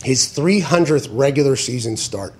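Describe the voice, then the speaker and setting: A man's voice: mid-range voice, animated, normal speed, a little mellow, a little hiss or hum. A man hosting a sports talk show, talking casually in an emphatic, profane way and often correcting himself mid-sentence. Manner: tangents and self-corrections.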